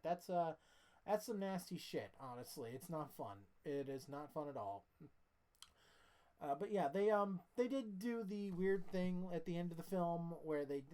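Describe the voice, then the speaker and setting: A woman's voice: on the low side, a little mellow. A sleepy woman giving a casual, rambling film review as the channel host, often restarting her sentences and swearing casually. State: sleepy, yawning.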